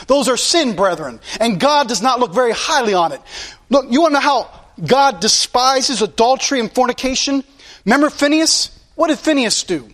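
A man's voice: very high-pitched, expressive, a little fast, a bit bright. A male pastor preaching a sermon in a blunt, impassioned way, repeating his points.

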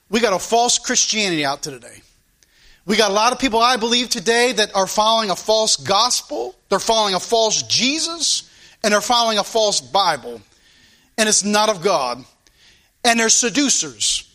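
A man's voice: high voice, animated, normal speed, pushed and bright. A man preaching a sermon to his congregation, fervent and repetitive, stretching out key phrases for emphasis. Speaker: pastor.

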